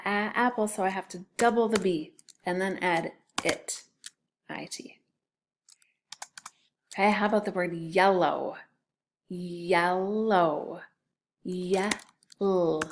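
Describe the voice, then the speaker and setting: A woman's voice: mid-range voice, slight background noise. A woman teaching a children's spelling lesson, patiently sounding out words syllable by syllable.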